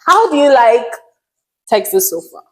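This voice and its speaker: A woman's voice: on the high side, big pitch swings, measured pace. A woman from Ghana, hosting a casual sister chat and talking straight to the audience. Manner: chatty, talks to the audience directly. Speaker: podcast host.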